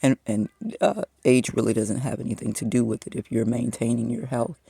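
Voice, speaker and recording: A man's voice: medium pitch, fairly even intonation, fairly quick, creaky, mellow, slightly rough, no echo. A man in his fifties talking to the camera in a personal monologue, venting his frustration as he tells a story. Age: 50s.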